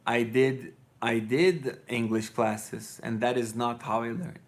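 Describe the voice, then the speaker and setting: A man's voice: medium pitch, fairly even intonation, takes it slowly. A young man with a Brazilian Portuguese accent, Portuguese his first language, chatting casually as a livestream host and rambling, restarting and joking.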